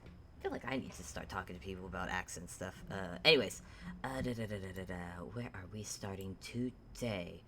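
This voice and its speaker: A woman with a very deep voice hosts a tabletop game, rambling and halting as she sets the scene. Her tone is bright and forceful, and she pokes fun at herself between stumbles. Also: a little hiss or hum. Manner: rambling, halting, self-mocking. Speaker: game master and host. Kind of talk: casual chat introducing a tabletop game.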